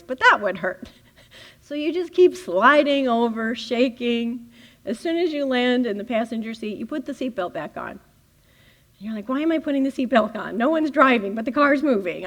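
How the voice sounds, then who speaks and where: Animated woman teaching with playful stories. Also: on the high side. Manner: animated, laughs often, dramatizes scenarios. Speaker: spiritual teacher. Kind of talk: playful teaching talk with acted-out inner dialogue.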